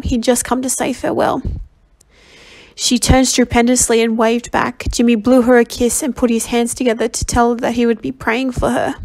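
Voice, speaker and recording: A woman's voice: on the high side, a little mellow. Woman reading a novel aloud, a bit unwell. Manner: halting reading with frequent self-corrections. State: slightly ill and under the weather. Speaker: volunteer audiobook reader.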